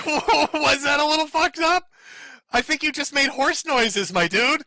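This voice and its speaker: A man's voice: very high-pitched, measured pace, pushed and bright, soft background music. A middle-aged man hosting a live stream, giving sarcastic, mocking commentary on a clip and laughing often. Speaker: streamer host.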